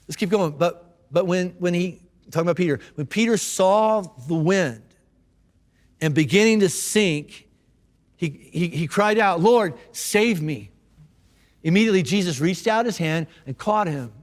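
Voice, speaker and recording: Guy pastor preaching, chatty and loose, highish voice, big echoey church sound. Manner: casual, conversational, repeats words. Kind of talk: sermon. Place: church auditorium.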